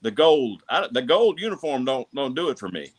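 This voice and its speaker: A man's voice: mid-range voice, very animated, normal speed, breathy edge, no room sound. A man co-hosting a casual sports talk show, rambling and hesitant with lots of filler words. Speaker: co-host.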